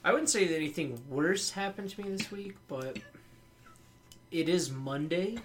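A man's voice: on the high side, expressive, normal speed, a bit bright, slight background noise. A man hosting a casual podcast, making dry, teasing remarks. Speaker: podcast host.

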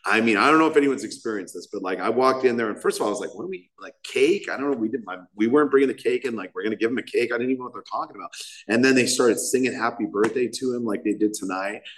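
A man's voice: medium pitch, very fast, a bit bright, rough recording. A man speaking at a recovery meeting, telling a rambling, self-mocking personal story to a group. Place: meeting hall.

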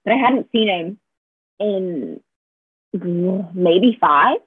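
A young woman guest on a podcast, telling a story in casual chat, animated and quoting herself and others, laughing often. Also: on the low side, extremely slow, slightly rough, dry recording. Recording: dry, tinny phone-like sound.

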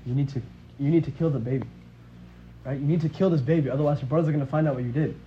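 A man's voice: a little high, fairly even intonation, very fast, pitched below the performer's own voice, lightly acted. A man voicing a scheming male devil who coaxes someone into wrongdoing, talking in a casual, persuasive way, on a dull recording. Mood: coaxing. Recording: dull lo-fi audio with faint hiss.

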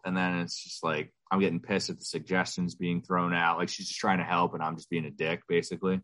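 Male podcast co-host, very low voice, self-deprecating storyteller, dry sound. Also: level tone, fairly quick, hardly any pauses, a bit bright, no room sound. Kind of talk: casual chat.

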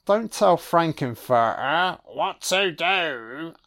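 A man giving an audio-only film commentary, reacting with profane, excitable remarks. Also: fairly high pitch, drawn-out words.

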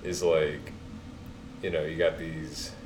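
Blunt, deep-voiced young man, echoey room. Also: little pitch movement, slow pace, noisy background. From American Northeast. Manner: blunt, teasing, provocative. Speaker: podcast co-host. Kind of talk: casual chat.

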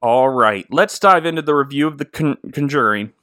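A man's voice: medium pitch, fairly quick, few pauses, fairly bright tone, dry recording, studio quality. A young man hosting a casual, joking podcast chat. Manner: jokey and playful. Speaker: podcast host.

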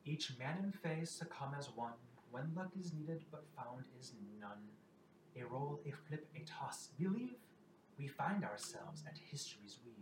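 A man's voice: medium pitch, expressive, measured pace, noisy background, voice pushed up, natural voice. A man doing a wry, theatrical fey lord of song. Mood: chanting. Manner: lilting, theatrical, rhyming recitation. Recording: roomy, distant mic, loud background ambience.

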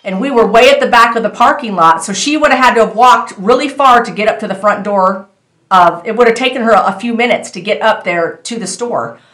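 A woman's voice: a little high, a little fast, echoey room. A woman telling a personal faith testimony in a casual, earnest way, speaking straight to her viewers. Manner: earnest, animated storytelling that addresses viewers directly. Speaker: storyteller sharing a faith testimony.

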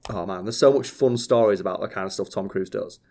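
A man co-hosting a podcast, telling stories in an animated, swearing, ranting way. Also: on the low side, fast. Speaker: podcast co-host. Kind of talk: casual chat.

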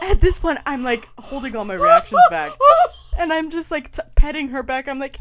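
A young woman co-hosting a podcast, telling a story in a casual, animated way and laughing often. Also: high voice, a little fast, a little hiss or hum. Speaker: podcast co-host.

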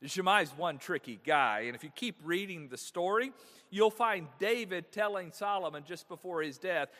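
A man in a slightly higher register preaches a Sunday sermon in a church sanctuary. His voice swings from loud, stressed phrases down to quiet endings. A long reverb trails each phrase. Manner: animated preaching with wide swings in loudness. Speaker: pastor.

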